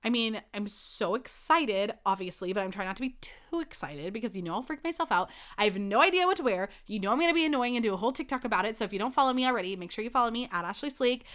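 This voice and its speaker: A woman's voice: fairly high pitch, animated, fast talker, few pauses, fairly bright tone. A young woman hosting her own podcast, chatting on her own in a rambling, flustered way with lots of "like.". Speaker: podcast host. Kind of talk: solo podcast chat.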